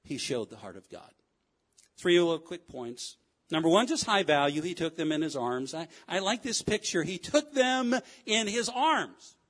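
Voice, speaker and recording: A man preaching a sermon in a church, swinging between loud fervent cries and low quiet asides. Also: sing-song, normal speed. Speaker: pastor. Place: church sanctuary.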